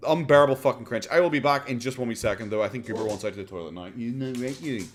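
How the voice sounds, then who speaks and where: A man's voice: medium pitch, racing, noisy background. An Irish man reacting to a video on a home stream, sarcastic and sweary, full of fillers. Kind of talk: casual reaction commentary.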